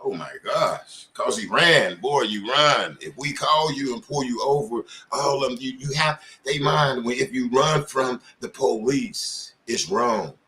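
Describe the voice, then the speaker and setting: A middle-aged man hosts his own channel, offering casual commentary in informal street talk. His mid-range voice has a sharp tone, and he speaks unhurriedly with few pauses. He sounds impassioned and keeps firing off pointed questions.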